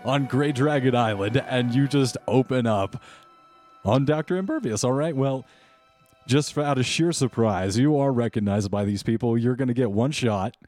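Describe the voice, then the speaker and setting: A man narrating a tabletop role-playing game as game master, measured and sprinkled with fillers. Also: medium pitch, darkish tone, soft background music.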